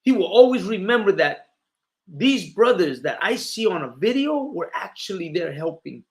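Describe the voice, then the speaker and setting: A man with a high-pitched voice preaches with fervor. He fires rhetorical questions at his audience and stumbles through fillers and restarts as he builds his point. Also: big pitch swings, moderate pace, darkish tone. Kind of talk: street-style sermon.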